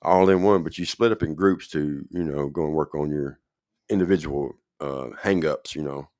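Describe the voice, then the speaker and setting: A man's voice: extremely low pitch, normal speed, darkish tone, no echo, clean studio sound. A man hosting a show and telling his own story in a loose, rambling way, often checking that the listener is following. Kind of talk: casual spoken storytelling.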